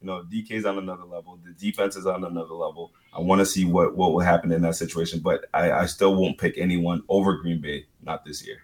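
A man's voice: low-pitched, level tone, quick pace, hardly any pauses. A man talking football as a radio guest, rambling with many restarts and tag questions. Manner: rambling, many restarts and "you know, right". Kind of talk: casual sports talk.

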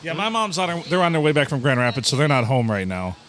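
A man with a raised, animated voice teases and explains things in loose banter. A faint outdoor ambience sits behind him on this podcast. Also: fairly high pitch, quick pace, slight background noise. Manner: teasing, laughs often. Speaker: podcast co-host. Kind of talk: casual banter.

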